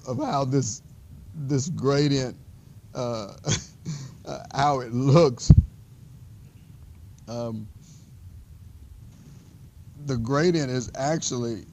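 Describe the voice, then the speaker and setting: A man teaching a math class in a classroom. He talks in a relaxed, conversational way and rambles into stories, restarting often and filling pauses. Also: mid-range voice. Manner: rambling storyteller, frequent restarts and fillers. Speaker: math instructor. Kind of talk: classroom lecture.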